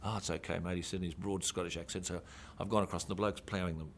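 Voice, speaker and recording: An older Australian man, a former rugby coach, telling an animated anecdote, acting out the dialogue and often repeating and restarting words. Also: fast talker, slight background noise. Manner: animated, acts out dialogue with rising pitch. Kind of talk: anecdotal storytelling.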